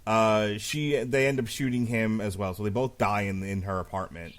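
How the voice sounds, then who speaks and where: A man's voice: lowish voice, fairly even intonation, moderate pace. A man hosting a podcast who steers the conversation and retells plot loosely, swearing casually. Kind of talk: casual chat.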